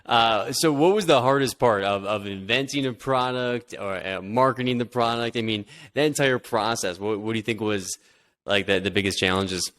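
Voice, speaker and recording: Male podcast host, low and smooth, encouraging, asks questions with small restarts. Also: moderate pace, fairly bright tone. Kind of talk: casual interview.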